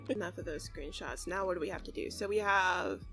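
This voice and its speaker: A young woman giving casual gameplay commentary as a let's play host, bubbly and excitable, often laughing and squealing. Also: lowish voice, normal speed, faint music behind.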